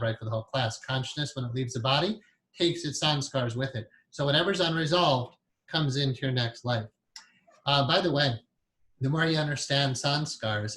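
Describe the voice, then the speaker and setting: A man's voice: mid-range voice, fairly bright tone. A man giving a casual, rambling lecture on hypnotherapy to a class, chatty and full of fillers and self-corrections. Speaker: hypnotherapy teacher.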